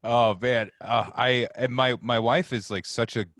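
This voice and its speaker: A man's voice: mid-range voice, steady tone, unhurried, fairly bright tone, no room sound, clean studio sound. A man in his thirties, a comedian guest chatting casually, rambling and self-mocking as he acts out his own thoughts. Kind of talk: casual chat.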